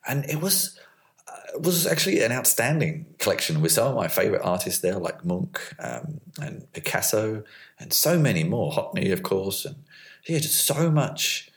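A man's voice: lowish voice, big pitch swings, moderate pace. A middle-aged man, talking casually in a reflective, hesitant monologue full of restarts. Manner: hesitant, thinks aloud with restarts and fillers. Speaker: vlogger.

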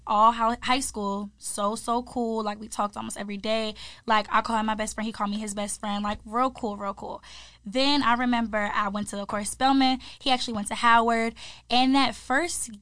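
A woman in her twenties co-hosting a podcast, telling stories in relaxed casual chat and filling her sentences with "like.". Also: on the high side, fairly quick, no room sound, studio quality. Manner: chatty storyteller, leans on "like" as filler. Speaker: podcast co-host.

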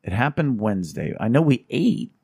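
A man with a slightly husky voice talks casually on a podcast. He tells family stories with dry humor, and his pitch swings widely as he acts out quotes. The sound is dry and close to the mic. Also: moderate pace, dry recording. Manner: storytelling, wry humor, animated quoting. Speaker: podcast host. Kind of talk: casual chat.

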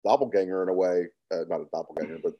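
A man's voice: sits low, racing, dull audio. A man hosting a conversational interview in a jokey manner, laughing easily as he asks questions. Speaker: interviewer, podcast host.

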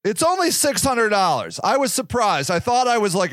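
High-voiced rambling, cursing man. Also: big pitch swings, fairly quick, few pauses, fairly bright tone, no room sound. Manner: rambling, swears freely, stumbles over repeated words. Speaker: podcast host. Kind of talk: casual storytelling monologue.

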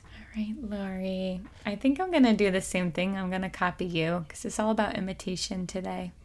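A woman co-hosting a podcast over a video call, gently guiding vocal play exercises in a soft, soothing way. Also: medium pitch, fairly quick. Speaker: co-host leading vocal play.

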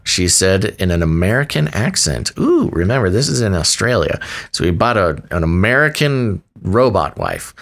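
A man's voice: sits low, very animated, moderate pace, creaky, a bit bright. A man co-hosting a casual podcast, reading a news story aloud with jokey asides and frequent laughter. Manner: wry, joking, laughs often while reading. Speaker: podcast co-host.

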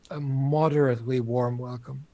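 A man role-playing his character at a tabletop game in a measured, formal, stiff way. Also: mid-range voice, fairly even intonation, dark tone. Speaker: player.

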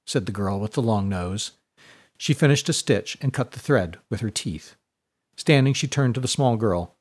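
A male storyteller reading a novel chapter aloud, measured and expressive. His mid-pitched voice moves in a lively, animated melody. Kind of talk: storybook narration.

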